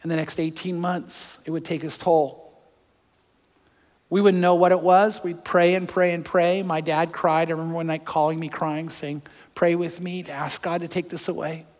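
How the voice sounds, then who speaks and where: Guy preaching, high voice, long hall echo, goes quiet then gets fired up. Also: little pitch movement, normal speed. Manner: personal storytelling, swings from hushed to fervent. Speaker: pastor. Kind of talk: sermon.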